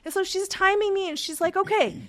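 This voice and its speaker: A woman's voice: very high-pitched, a little fast, a bit bright. A middle-aged woman hosting a podcast, telling stories in a casual chat and acting out the dialogue, with frequent "right?" and "okay?" checks. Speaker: podcast host.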